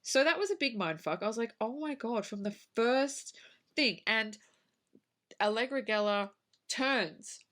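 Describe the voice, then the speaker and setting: A woman's voice: on the high side, lively intonation, measured pace, fairly bright tone. A woman co-hosting a podcast, chatting casually about a film, swearing and acting out her own reactions. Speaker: podcast co-host. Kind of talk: casual film review chat.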